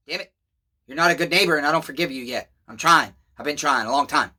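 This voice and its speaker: Middle aged guy venting on his vlog, bright tense voice, swearing, yelling then going low and worn out. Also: fast talker. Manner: swings between shouting outbursts and low weary confession; swears constantly, calls viewers neighbors. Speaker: chainsaw channel host. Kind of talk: emotional rambling vlog monologue.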